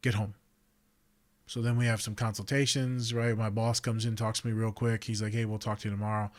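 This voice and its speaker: Man, 30s, podcast host; swearing, animated casual monologue with sharp swings in volume. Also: lowish voice, fast talker. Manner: blunt, profane and animated, swings between loud outbursts and quiet reflection.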